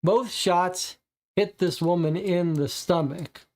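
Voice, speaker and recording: A player reading a detective case aloud and then slowly musing over the clues, with long drawn-out pauses. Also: mid-range voice, a little mellow.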